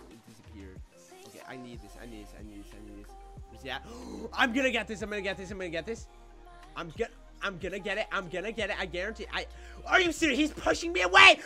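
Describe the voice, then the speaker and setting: A man hosting an excitable gameplay commentary, loud and frustrated, often yelling. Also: high-pitched, gravelly. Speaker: gameplay video host.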